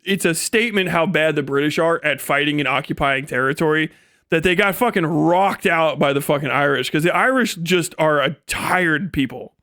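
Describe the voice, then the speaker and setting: A man's voice: on the high side, normal speed, bright, forceful tone, dry recording, studio quality. A man chatting casually on a live stream, rambling and swearing often and breaking into laughs.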